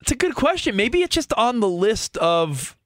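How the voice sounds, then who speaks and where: A man co-hosting a sports talk radio show, bantering in a mock-earnest, animated way and cutting in over his partner. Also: high voice, normal speed, no room sound, studio quality. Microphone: studio microphone.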